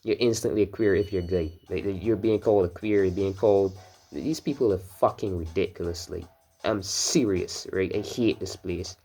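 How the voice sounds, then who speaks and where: A man's voice: low-pitched, moderate pace, mellow, husky, faint music behind. A man from Barbados giving casual, rambling commentary while playing a racing game, drifting into swearing rants. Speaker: gameplay commentator.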